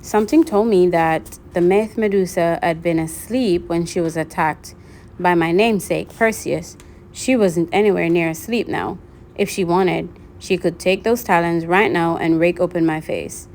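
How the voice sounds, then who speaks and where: A woman reads a novel aloud in a steady first-person narration. Her voice sits a little low. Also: normal speed, slight background noise. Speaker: reader.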